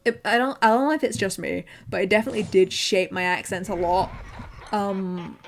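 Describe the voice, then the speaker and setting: A woman's voice: mid-range voice, brisk, slight background noise. A woman from northern England who streams as a VTuber, with a mixed British and American accent, chatting casually and rambling while she plays a game. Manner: chatty, rambling, easily excited.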